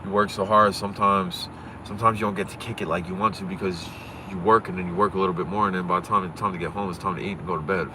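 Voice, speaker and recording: A man from Pennsylvania talking fast and profanely on a casual livestream, swaggering and rambling, recorded on a phone outdoors. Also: deep voice, steady tone, noisy background.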